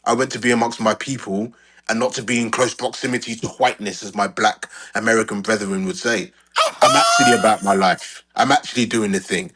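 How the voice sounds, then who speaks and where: A man from Nigeria, talking in lively live-show debate banter. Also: lowish voice, a little fast. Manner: animated, playful, mimics voices.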